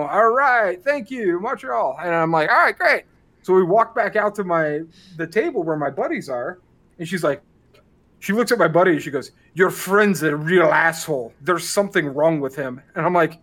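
An American man with a voice that swings all over, telling a story on a casual podcast. He jumps into the voices of the people in his story and swears without holding back. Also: fairly high pitch. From United States. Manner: animated, acts out the people he quotes, swears freely. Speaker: podcast co-host.

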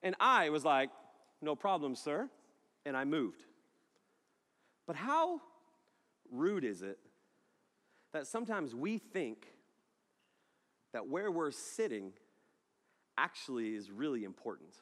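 A man's voice: medium pitch, measured pace, pauses often. A man preaching to a congregation, telling a story with jokes and acting out the people in it. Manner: animated, joking storyteller who acts out the people in his story. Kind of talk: sermon with storytelling. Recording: long hall reverb.

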